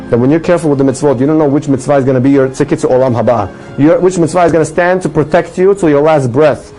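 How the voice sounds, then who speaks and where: A man's voice: a little high, mellow, rough recording. A man telling an inspirational story to an audience as a rabbi, emphatic and full of rhetorical questions. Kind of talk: storytelling talk.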